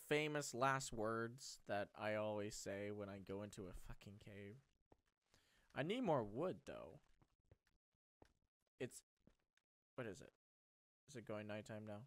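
A man thinking aloud while playing a game, excitable and quick to swear, moving from low mutters to sudden excited outbursts. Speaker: Let's Play host. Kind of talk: gameplay commentary.

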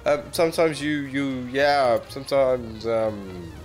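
A man's voice: medium pitch, slow pace, faint music behind. A man giving casual, self-mocking commentary while playing a video game, swearing often and joking about his own play. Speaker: gaming channel host.

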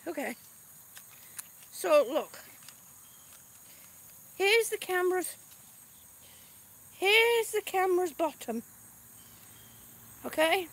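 A woman's voice: extremely high pitch, very animated, drawn-out words, pauses often, a bit bright. A middle-aged woman vlogging outdoors in casual live-stream chat, chatty and a little exasperated, with sighs. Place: outdoors on grass. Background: crickets and passing cars.

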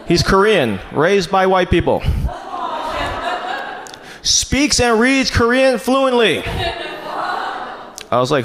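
A man works a comedy club stage, his voice sitting fairly high and swinging widely as he tells his jokes. His delivery is loose and chatty, and he is heard through a handheld mic. Audience laughter and steady room noise fill the live recording. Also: takes it slowly, pauses often, crowd noise. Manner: loose and chatty, fills lines with "man" and "you know". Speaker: stand-up comedian. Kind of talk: stand-up comedy set.

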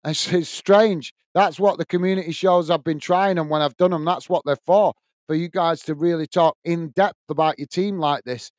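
A man's voice: fairly high pitch, fairly even intonation, moderate pace, a little mellow, dry recording. A man hosting a football watch-along, giving live commentary and chatting with viewers, full of fillers and restarts.

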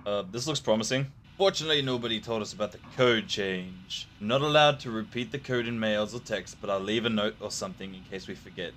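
A man's voice: on the low side, a little fast, hardly any pauses, fairly bright tone, slight background noise. A young man giving gameplay commentary on a horror game, joking and swearing with jumpy reactions. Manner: jokey, profane, jumpy reactions. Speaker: gamer playing a horror game.

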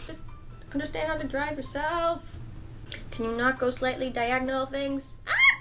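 A young woman giving casual, excitable gameplay commentary, laughing and repeating herself in panic. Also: high-pitched, moderate pace, music in the background. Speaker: gaming vlogger.

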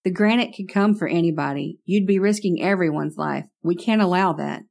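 A man's voice: sits high, fairly quick, vocal fry, darkish tone. A woman voicing a smug, folksy older man who talks down to others, in a horror story reading. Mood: firm.

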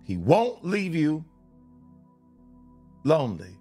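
A fervent man preaches on a live stream, his voice sitting high for a man. He repeats and restarts lines as he reads scripture, breaking into blunt asides, with faint music underneath. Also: huge pitch swings, slow, mellow, husky. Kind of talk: live-stream sermon and Bible reading.

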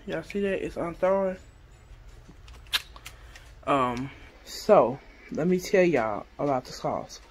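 A woman's voice: low voice, lively intonation, slow pace, long pauses, darkish tone, a little hiss or hum. A woman vlogger chatting casually to her viewers while cooking in her home kitchen. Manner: chatty, talks straight to viewers, playful. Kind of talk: casual cooking chat to camera.

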